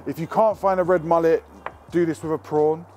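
A man's voice: on the high side, fairly even intonation, moderate pace, darkish tone, a little hiss or hum. A man hosting a cooking show, talking casually and cheekily to camera with plenty of swearing, cooking at an outdoor barbecue.

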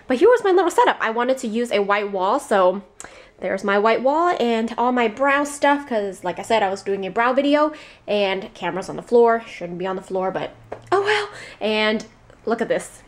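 A young woman vlogging casually from her apartment bedroom into a handheld camera, chatty and rambling with frequent giggles. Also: on the high side. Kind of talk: casual vlog chat.

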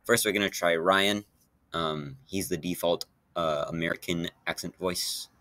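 A man's voice: low-pitched, a little slow, bright, forceful tone, no room sound. A man chatting in a rambling casual vlog, with many fillers and restarts. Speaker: YouTuber.

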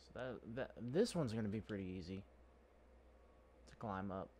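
Chatty low-voiced man playing a game. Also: lively intonation, moderate pace, a little mellow, slight background noise. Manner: chatty, rambling, self-deprecating. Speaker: gaming channel host. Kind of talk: casual let's-play commentary.

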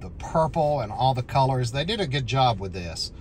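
A scratch-off lottery host, calling out numbers as they scratch and breaking into excited shouts at wins. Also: medium pitch, moderate pace, a little hiss or hum.

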